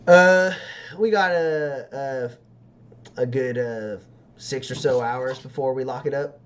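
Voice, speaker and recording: A man's voice: mid-range voice, slow. Rambling game master man. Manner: rambling, many fillers, laughs often. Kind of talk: narrating a tabletop game.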